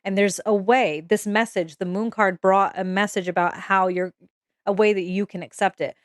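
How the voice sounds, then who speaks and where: Young woman, casual tarot reading, emotional, swears, mid pitch, dry close sound. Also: steady tone, normal speed, dry recording. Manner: emotional, intimate, swears casually, repeats "okay?". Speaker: tarot reader.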